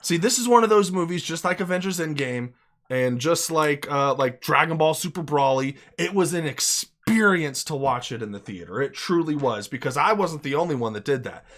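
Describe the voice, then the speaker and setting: Excitable man swearing through a film review. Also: on the high side, normal speed. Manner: excitable and emphatic, swears freely, repeats himself. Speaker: movie reviewer. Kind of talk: unscripted casual movie review.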